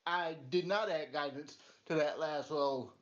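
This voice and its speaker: A man playing a tabletop game, chatting casually in a relaxed way and laughing easily. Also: on the high side, unhurried. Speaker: player. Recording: dull lo-fi mic.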